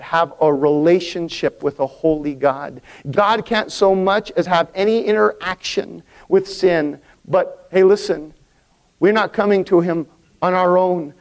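A man's voice: sits high, a little mellow. A male pastor preaching a sermon, building emphatic crescendos and calling for congregation responses.

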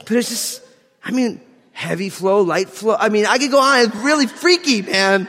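A man with a high, light voice preaches in an echoing church hall. He reads scripture, then slips into lively, joking anecdotes from his own life, laughing as he tells them. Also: moderate pace. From New Jersey. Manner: animated, jokey asides, laughs through lines. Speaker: pastor. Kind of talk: sermon with humorous storytelling.

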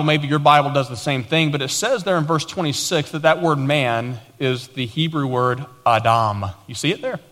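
A pastor preaching a sermon, a man with a somewhat high, bright and forceful voice. He hammers points through repetition and acts out quoted lines. The sound rings with long reverb, as in a large hall.

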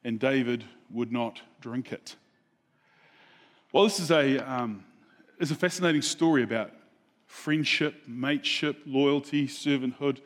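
A man preaching a sermon, telling a Bible story in a relaxed, conversational way and asking the audience questions. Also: mid-range voice. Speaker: pastor.

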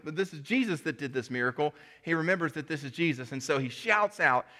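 Man, preacher, casual sermon, slightly high voice, acts out dialogue with jumps in pitch. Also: expressive, fast, few pauses, bright, forceful tone.

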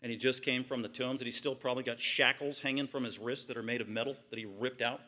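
A man preaching a verse-by-verse sermon, retelling the story vividly with piled-up phrases and sudden swings from quiet murmurs to high exclamations. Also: steady tone, quick pace. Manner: retells scripture vividly, piling up repeated phrases. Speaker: pastor. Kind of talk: expository sermon.

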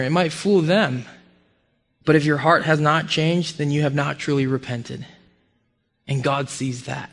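Male preacher, high voice, emphatic sermon, long hall echo. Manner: emphatic, swinging between loud highs and quiet lows.

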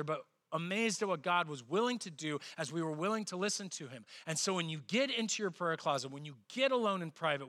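A middle-aged man preaching a sermon as pastor, conversational and personal, acting out quoted voices with sudden jumps in pitch. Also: pushed and bright.

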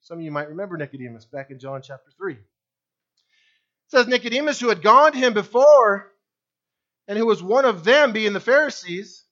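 A man preaching a sermon as pastor, swinging between loud emphatic lines and hushed low ones. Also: big pitch swings, a little fast, long pauses, highs cut off.

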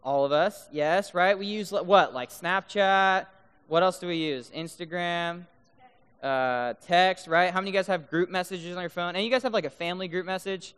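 A man giving a lively sermon to a live crowd, joking and keeps checking in with the crowd by asking "right?". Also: high voice, normal speed, clean tone. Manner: mock-incredulous joking. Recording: long reverb of a big hall.

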